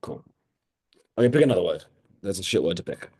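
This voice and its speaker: A man's voice: low-pitched, animated, brisk, darkish tone, husky. A man coaching trainees in sales, blunt and mocking as he gives orders. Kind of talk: live sales coaching session.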